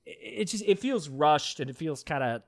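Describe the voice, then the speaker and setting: A man in casual film-review chat who talks in an animated way, swears freely and laughs often. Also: fairly high pitch, moderate pace, dry recording, clean studio sound.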